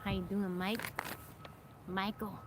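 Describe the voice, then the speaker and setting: An American woman hosts a casual live stream from outdoors, chatting along and greeting viewers by name. Her voice sits at an ordinary middle pitch. Clear outdoor noise runs beneath her talk. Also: little pitch movement, slow pace. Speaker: livestream host. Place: outdoors in nature.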